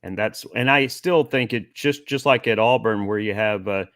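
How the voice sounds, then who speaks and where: A man co-hosting a sports radio show, recalling old games and coaches in an earnest, halting way. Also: on the low side, fairly bright tone, no room sound, clean studio sound. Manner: earnest, reminiscing, with filler pauses. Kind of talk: casual sports talk.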